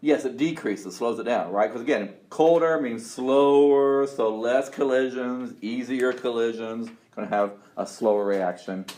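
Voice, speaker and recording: A man's voice: medium pitch, measured pace, few pauses, a little mellow. A man teaching a college chemistry class, upbeat and quizzing his students, with frequent restarts. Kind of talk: classroom lecture. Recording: roomy classroom sound, faint noise.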